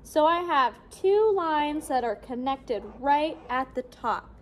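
Young woman, kids' music teacher, unhurried and upbeat, slow deliberate pace. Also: sits high, lively intonation. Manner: cheerful, slow and clear, repeats rhythm syllables for kids to echo. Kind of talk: classroom lesson video for children.

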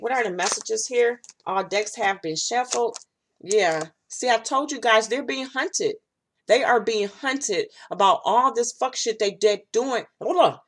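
A woman with a medium-pitched voice gives her viewers a casual tarot reading. She's blunt and profane, constantly checking in with "all right?" and "okay?"

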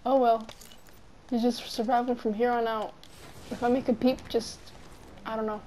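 A woman's voice: fairly high pitch, little pitch movement, normal speed, warm tone, a little hiss or hum. A young woman chatting casually with friends while playing a game, playful and giggly, breaking into silly sing-song bits. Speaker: gamer streaming with friends.

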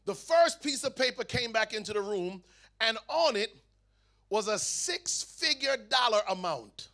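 A man giving his testimony at a youth camp meeting, telling the story in a lively way and acting out the dialogue. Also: high voice, a little slow. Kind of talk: testimony sermon to a youth audience.

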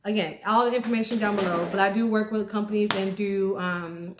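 A woman's voice: medium pitch, fairly even intonation, fairly quick, echoey room, background noise. A young adult woman vlogging casually to camera, chatty and promotional, with many fillers. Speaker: YouTube vlogger. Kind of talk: casual vlog talk to camera.

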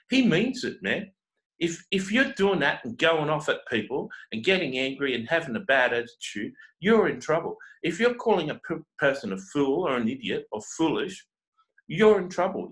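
Guy preaching a fire and brimstone style sermon, highish voice that jumps all over, scolding, keeps asking "do you think" type questions, stumbles and repeats words. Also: fairly bright tone, poor audio. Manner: scolding, stacks rhetorical questions; repeats words when starting sentences. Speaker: self-described prophet and teacher. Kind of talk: confrontational online sermon.

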